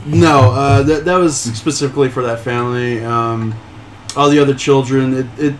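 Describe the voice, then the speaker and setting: A man runs a tabletop game, pausing often and restarting his sentences as he describes each scene. His voice sits at an ordinary middle pitch. A clear hiss of noise runs under a home stream recording. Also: steady tone. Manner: halting, full of fillers and restarts. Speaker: game master.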